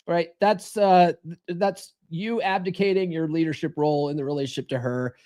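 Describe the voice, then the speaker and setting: A blunt male host on a live-stream advice show, with a high-pitched voice. He coaches his listeners directly and slips into quick impressions of the people he quotes. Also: steady tone, dark tone. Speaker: podcast host.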